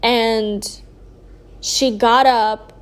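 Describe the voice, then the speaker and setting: Sleepy young woman vlogging a story, kinda high voice, talks real slow, lots of "like". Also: fairly even intonation, clean tone. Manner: slow, drawn-out talk full of "like" and soft trailing asides. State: sleepy, yawning. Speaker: vlogger sharing a personal story. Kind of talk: casual storytelling.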